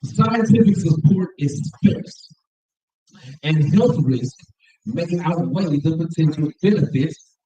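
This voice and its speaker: A man teaches a scripture class, reading passages aloud and stopping to comment and have the room repeat after him. His voice sits high but sounds mellow. He is recorded from a distance in an echoey room with a dull, muffled tone. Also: expressive, takes it slowly. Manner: reads aloud and comments, call-and-response.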